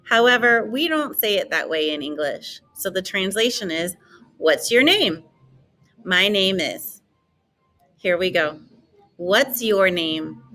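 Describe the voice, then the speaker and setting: A woman with a bright, clear voice leads a beginner language lesson. She speaks slowly and deliberately and models each word carefully so that students can repeat it. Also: mid-range voice, expressive, soft background music. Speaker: French teacher.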